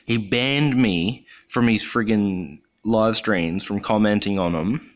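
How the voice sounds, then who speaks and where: An Australian man hosting a casual livestream chats in a rambling, profane, joking manner. His voice is fairly low and he takes his time, though the recording sounds muffled.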